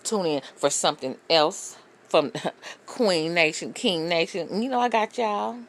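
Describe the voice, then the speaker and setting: A woman's voice: fairly low pitch, unhurried. A woman hosting a casual reaction commentary, blunt, profane and opinionated. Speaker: host.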